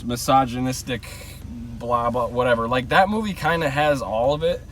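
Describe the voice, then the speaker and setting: A man's voice: a little high, a bit bright, distant mic. A man vlogging from inside a car, giving a blunt, rambling opinion rant full of filler words.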